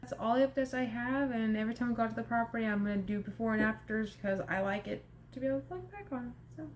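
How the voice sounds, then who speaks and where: A woman's voice: fairly high pitch, quick pace, darkish tone, a little hiss or hum. A woman chatting through a casual home update vlog, rambling and a bit exasperated. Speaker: vlogger.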